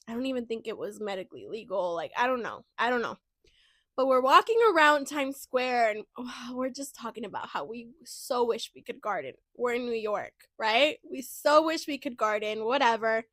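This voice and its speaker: Young woman podcast host, high-pitched, super chatty, dry close sound. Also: dry recording. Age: 20s. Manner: chatty, animated, lots of "like" and "you know". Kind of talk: casual storytelling chat.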